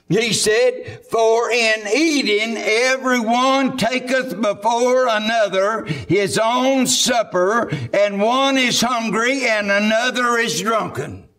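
A man's voice: very high voice, a bit bright. A man with a Southern US accent preaching a sermon in a church, fervent and full of "uh" fillers. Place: church sanctuary.

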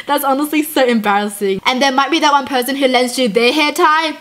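A woman's voice: sits high, fairly quick, a bit bright. A woman hosting a casual reaction video, bubbly and giggly, with playful mock outrage. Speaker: YouTube reaction host.

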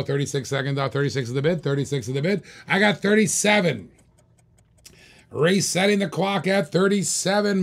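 A man hosting a live-stream auction, calling bids in rapid repeated phrases and egging bidders on. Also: fairly high pitch. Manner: rapid repetitive bid calling, hyping bidders. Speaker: auctioneer host.

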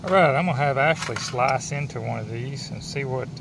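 Gravelly-voiced man vlogging outdoors. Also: medium pitch, fairly quick. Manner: easygoing, talks to viewers as guys. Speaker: camping vlogger. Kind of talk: casual outdoor vlog narration. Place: outdoors at a wooded campsite. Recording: noisy outdoor camcorder audio.

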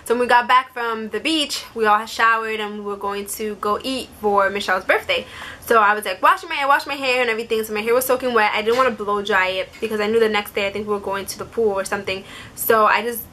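A woman's voice: medium pitch, bright, forceful tone, a little hiss or hum. A young woman vlogger telling a personal story to camera in a casual, chatty way, full of "like" fillers. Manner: chatty, many "like" fillers, quotes others in quick asides.

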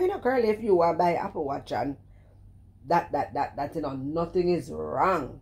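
A middle-aged woman with a Jamaican accent, chatting in animated, scolding commentary that keeps circling back to the same point. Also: low voice, normal speed. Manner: animated, scolding, repeats herself, exclaims "cheese and crime". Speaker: vlogger commenting on another streamer. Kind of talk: casual commentary chat.

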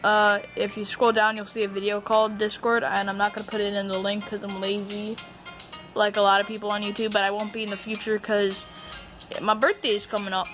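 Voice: medium pitch, flat delivery, fairly quick, fairly bright tone, faint music behind, poor audio. Young vlogger rambling in a bedroom. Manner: rambling, playful, full of fillers. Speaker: channel host. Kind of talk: casual home vlog. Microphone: camera on a tripod. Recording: movie sound playing behind.

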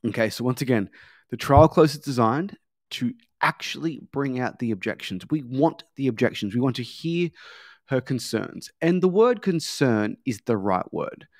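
Man, sales trainer, coaching lesson, emphatic repetition, medium pitch, dry recording. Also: lively intonation, moderate pace, dry recording. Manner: coaching, repeats key points, acts out sales dialogue.

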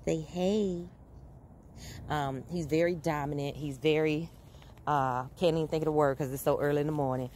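A woman's voice: low voice, steady tone, brisk, a little mellow, a little hiss or hum. A woman vlogging outdoors in her backyard early in the morning, chatting casually to camera, laughing often and breaking off to call and scold her dogs. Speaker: vlogger and dog owner.

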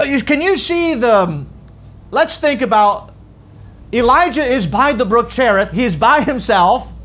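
A pastor preaches to his church in a high voice that leaps and drops. He swings between loud, ringing calls and quiet, low lines, giving each point dramatic weight in the sanctuary. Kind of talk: sermon.

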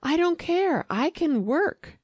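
A woman's voice: expressive, takes it slowly, darkish tone, no echo, dull audio. A woman reading an audiobook, voicing a restless young wealthy wife in a raised, pleading voice. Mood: eager, pleading. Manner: pleading, high-pitched eager lines.

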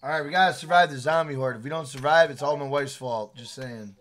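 A man streaming a survival game with his wife, swearing freely, shouting hype catchphrases and reading out viewers' names from the chat. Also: mid-range voice, quick pace. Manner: reads out chat names and thanks members. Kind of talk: casual livestream gaming chat.

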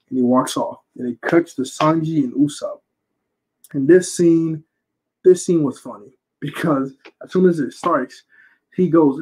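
A man's voice: fairly high pitch, unhurried, mellow, husky, rough recording. A young man casually recapping a film, rambling and slangy and often correcting himself. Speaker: reviewer.

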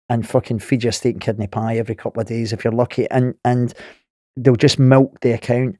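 A middle-aged Scottish man with a thick Glaswegian accent spins a wild story as a podcast guest. He talks in an animated way, swears often and laughs through it, in a mid-range voice with a dry, close sound. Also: medium pitch, no room sound. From Scotland.

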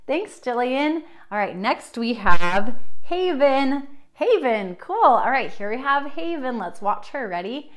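A woman's voice: sits high, very animated. Cheerful woman teaching kids music. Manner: bright, encouraging, slow and drawn out for young children. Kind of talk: sing-song kids' music lesson.

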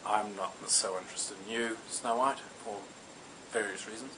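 A man's voice: on the low side, steady tone, normal speed, noisy background, pitched below the performer's own voice, lightly acted. A man doing an awkward, evasive woodcutter. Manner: hesitant, evasive. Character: awkward secretive male woodcutter.

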